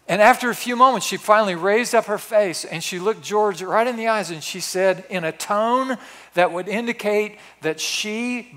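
Dramatic preacher man in a reverberant hall. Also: high voice. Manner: dramatic, swinging from hushed asides to loud exclamations. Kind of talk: storytelling sermon. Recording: long reverb of a large hall.

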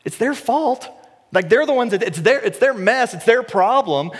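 A man's voice: very high voice, expressive, moderate pace, breathy edge. A man preaching a sermon as a pastor, in a conversational way with self-deprecating humor. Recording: echoey hall.

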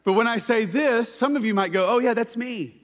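A man preaching a sermon, telling stories with lively shouted quotes. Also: very high voice, fairly quick. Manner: animated storytelling with shouted quotes. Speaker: pastor. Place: church sanctuary. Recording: church hall reverb.

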